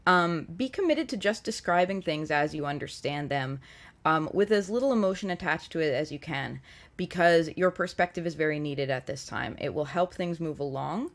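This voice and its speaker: A woman hosting a casual live-stream tarot reading, earnest and reflective as she gently advises her viewers. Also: low-pitched, animated, moderate pace. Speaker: tarot reader and show host.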